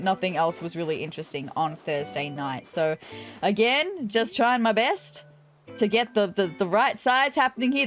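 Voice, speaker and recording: A woman hosting a let's-play, chatting casually and playfully through her game with wry asides. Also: mid-range voice. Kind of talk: casual game commentary, reading characters' lines aloud. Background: faint game music.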